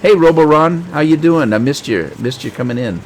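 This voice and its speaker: A man's voice: on the high side, animated, brisk, a little mellow, a little hiss or hum. A middle-aged man live-streaming a farming game, chatting and joking as he reads the chat aloud.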